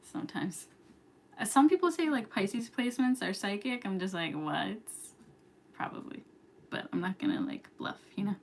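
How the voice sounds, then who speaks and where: A woman's voice: mid-range voice, very animated, normal speed, slight background noise. A young woman from New York hosting a casual late-night livestream, chatty and giggly, sometimes dropping to a whisper. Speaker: livestream host. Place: home at night.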